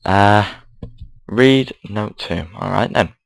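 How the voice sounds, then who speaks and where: A man's voice: on the low side, slow pace, creaky, low-quality recording. A young man, casually commenting as he plays a game and reads its story aloud, rambling and apologetic. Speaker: gamer.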